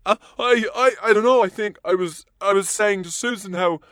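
A man's voice: sits high, normal speed, a bit bright, no echo, clean studio sound. Guy doing a desperate survivor at a door, babbling on about nothing. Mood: rambling. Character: panicked survivor begging at a bunker door, then rambling dully.

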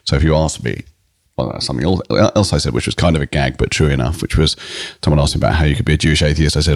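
A British comedian in middle age chats casually as an interview guest, his stories wandering and repeatedly cut short by restarts. He talks very fast in a creaky bass, and the studio-quality recording has no room sound.

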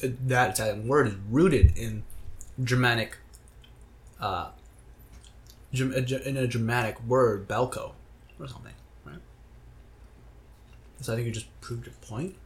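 A man's voice: medium pitch, a little slow, long pauses. A young man co-hosts a podcast with a mid-range voice. He rambles casually, often restarting words. His talk is joking and easygoing. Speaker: podcast co-host. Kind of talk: casual chat.

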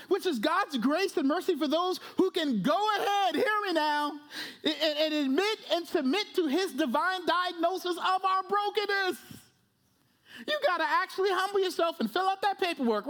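A man's voice: very high-pitched, lively intonation, normal speed, fairly bright tone. A man pastor preaching a sermon in a church service, emphatic and conversational, who repeats phrases and keeps asking "right?".

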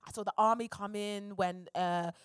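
A comedian telling stories as a guest on a live podcast stage, animated and playing out the voices of the people she quotes. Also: medium pitch, moderate pace, clean tone, no echo, studio quality. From England. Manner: animated storyteller who acts out quotes.

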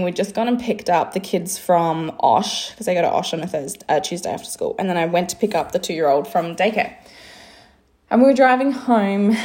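Woman, 30s, low-ish voice; candid coach vlogging, swears freely, rambles with "like". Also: a little mellow. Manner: chatty, swears freely, lots of "like" and laughs. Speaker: business coach and designer. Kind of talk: casual monologue to camera.

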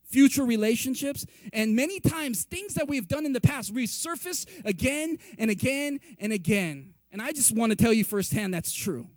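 Male pastor, preaching sermon, high voice, lively and chatty, dry close sound. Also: moderate pace, few pauses, no room sound. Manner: conversational, repeatedly asks "right?"; animated, acts out quoted reactions.

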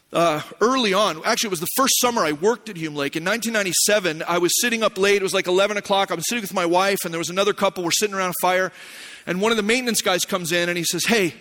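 A middle-aged male pastor from Arizona, preaching a sermon with a personal story, animated and swinging from shouts to hushed lines. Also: high-pitched.

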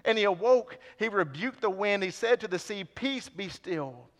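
A man preaching a sermon with passion, swinging between loud appeals and hushed lines. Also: high-pitched, a little fast. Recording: long hall reverb.

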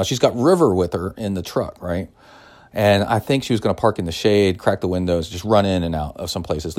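A man from Texas talks alone into the mic for his podcast, his voice sitting very low. He wanders from one detail to the next, casual and chatty, padding it all with "like" and "uh". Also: a little mellow. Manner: chatty and digressive, full of "like" and "uh". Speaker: podcast host and triathlon coach. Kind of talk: casual solo storytelling.

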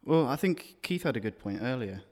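A man in a casual chat about a film script, speaking in a quick, matter-of-fact way. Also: medium pitch, expressive, darkish tone, big-room sound.

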